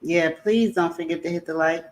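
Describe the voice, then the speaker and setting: A woman's voice: lowish voice, brisk. A woman co-hosting a casual live chat, laughing often at herself. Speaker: livestream co-host.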